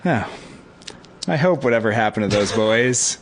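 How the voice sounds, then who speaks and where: A man's voice: lowish voice, lively intonation, normal speed, a little hiss or hum. A man co-hosting a podcast in casual chat, reacting with wry questions. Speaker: podcast co-host.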